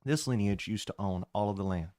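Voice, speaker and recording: A man acting as game master, narrating a tabletop game in a lively, casual way. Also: fairly low pitch, a little fast, dry recording, studio quality.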